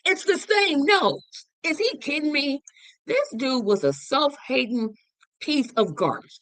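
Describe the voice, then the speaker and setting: A woman hosting her own show, talking through a movie in an animated, emphatic way and repeating words for effect. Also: sits high, measured pace, no room sound. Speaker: show host. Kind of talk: casual movie review chat.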